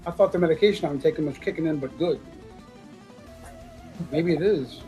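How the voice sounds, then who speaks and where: A man with a fairly high voice calls out comic books and prices in a loose, joking live-auction patter. He sounds congested from a sinus infection and keeps clearing his throat. Faint guitar music plays behind him. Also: moderate pace, warm tone, rough recording. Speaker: auction seller.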